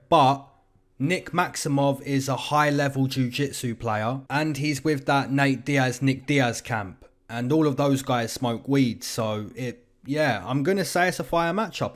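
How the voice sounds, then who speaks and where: A young man hosting his own show, giving casual, slangy fight predictions and betting numbers. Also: medium pitch. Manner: chatty, slangy, hedging with "you know" and "man". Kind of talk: casual commentary.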